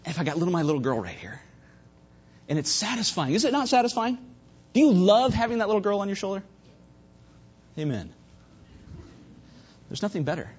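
A man preaching a sermon at a church service, fervent, swinging between loud emphasis and hushed asides. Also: high voice, very animated, fairly quick, pauses often, husky. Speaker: pastor. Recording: dull lo-fi recording.

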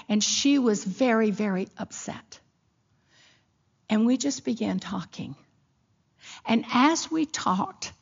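A woman's voice: on the high side, expressive, measured pace, slightly rough. A middle-aged woman giving a sermon with a personal story, telling it expressively and acting out the voices in her quotes. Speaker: women's Bible teacher. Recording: dull lo-fi recording.

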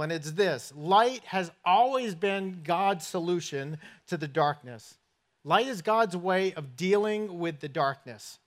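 A middle-aged man, a pastor, giving a sermon in a church with folksy, self-deprecating stories. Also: high voice. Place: church sanctuary.

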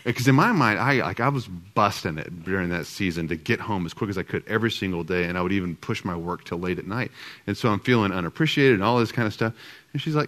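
A middle-aged man speaking to an audience as a marriage speaker, telling stories in an animated way and acting out both sides of remembered conversations. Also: on the low side, fast. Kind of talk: storytelling talk to a live audience.

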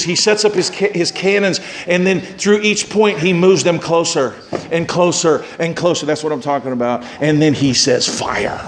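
A man preaching a sermon as pastor in a church, building to fervent, emphatic delivery. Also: fairly high pitch. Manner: rising to impassioned emphatic preaching.

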